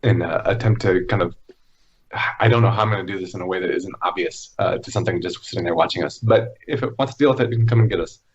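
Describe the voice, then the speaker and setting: A man's voice: low voice, fast talker, breathy edge, highs cut off. A man playing a tabletop role-playing game, easygoing and thinking aloud about his moves. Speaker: player. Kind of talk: casual tabletop game play.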